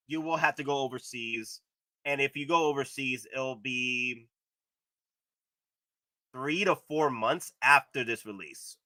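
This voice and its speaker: A man hosting a live stream, commenting excitedly on collectible figures and gushing with repeated exclamations. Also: mid-range voice, no room sound, studio quality. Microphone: streaming setup.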